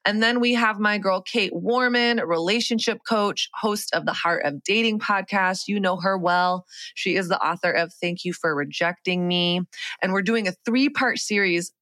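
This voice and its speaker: Bright upbeat woman podcast host. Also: medium pitch, moderate pace, dry recording. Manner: upbeat, laughs often. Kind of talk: casual podcast chat.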